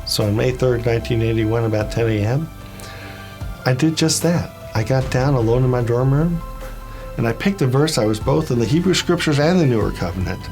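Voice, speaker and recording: A man in his fifties tells his faith testimony earnestly and reflectively, sometimes pausing on small fillers. His voice sits at an ordinary middle pitch, and faint music plays softly behind him. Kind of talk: personal testimony.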